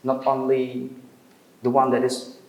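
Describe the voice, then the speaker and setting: A man giving a university lecture in English, questioning the class with pauses and fillers. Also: medium pitch, monotone, darkish tone. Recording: roomy classroom echo.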